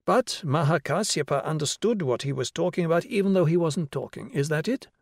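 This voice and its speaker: A man's voice: fairly high pitch, expressive, brisk, dry recording, clean studio sound, voice pushed up. A man reading the part of a patient, playful young male teacher who explains and questions a class of children. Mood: questioning. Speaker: schoolteacher. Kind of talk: audiobook character reading.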